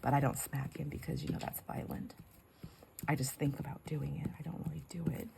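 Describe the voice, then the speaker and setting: A middle-aged woman hosts a craft video from home, chatting in a rambling way as she works, often laughing and now and then dropping to a whisper. Her voice is low and creaky, fairly quick, with a level tone. The background is noisy.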